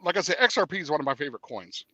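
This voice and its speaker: Bright animated man telling a story. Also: a little high, very fast, husky, no echo. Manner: animated storyteller, acts out dialogue; hesitant with fillers. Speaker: interview guest. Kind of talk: casual conversation.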